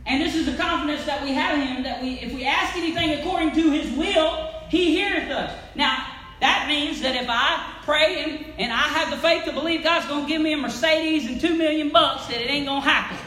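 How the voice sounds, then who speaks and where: A woman preaching a sermon in a church, swinging from loud calls to near-whispers. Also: high voice, brisk. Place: church sanctuary. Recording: echoey church with faint noise.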